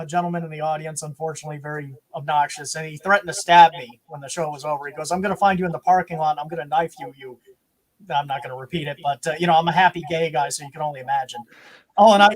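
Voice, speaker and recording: A man's voice: a little high, fast talker, low-quality recording. A man telling stories in a casual chat, acting out the people he quotes. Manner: animated storyteller who acts out quoted voices. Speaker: podcast guest, former wrestling announcer.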